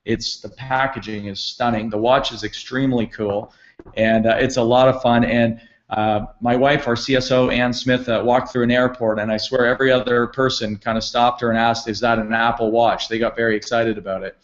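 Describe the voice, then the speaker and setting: A middle-aged man hosts a company conference call with upbeat, promotional energy. His voice sits at an ordinary pitch, and he leans on plenty of fillers. The call audio is muffled and lo-fi. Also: little pitch movement, normal speed. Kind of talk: enthusiastic sales kickoff call. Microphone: conference call line.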